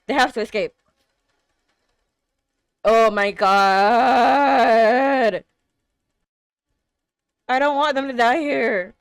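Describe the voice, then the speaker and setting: A young woman reacting to an anime episode, exclaiming and gasping, swinging between hushed murmurs and loud outbursts. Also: on the high side, drawn-out words, long pauses, smooth, no echo, studio quality. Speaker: reaction streamer.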